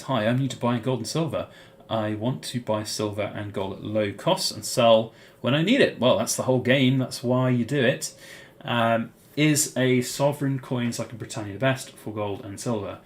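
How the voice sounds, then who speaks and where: A Briton runs a casual live-stream Q&A, taking questions from the chat and rambling through answers with many "um"s, "uh"s, and restarts. He talks at normal speed in a medium pitch.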